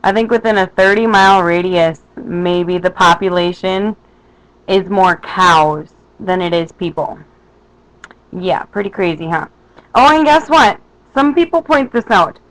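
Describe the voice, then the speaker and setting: Casual Minnesotan vlogger, mid-pitched and animated, recorded on a home webcam. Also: unhurried, poor audio. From west central Minnesota. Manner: chatty, animated storytelling with playful asides. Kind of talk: casual vlog chat to a webcam. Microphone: webcam microphone.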